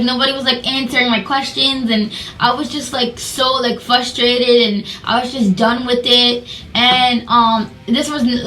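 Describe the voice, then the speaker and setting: A woman's voice: on the high side, sharp tone. A young woman with a sore mouth after dental surgery, telling a profane, rambling storytime vlog with lots of emphasis. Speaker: vlogger. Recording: roomy, distant from mic, faint music.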